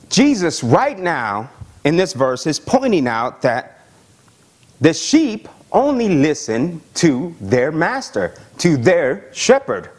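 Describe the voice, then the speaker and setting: Excited pastor, lively preaching voice. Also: male voice, on the high side. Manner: excited, repeats words and asks "Amen?". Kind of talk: sermon with Bible reading and prayer.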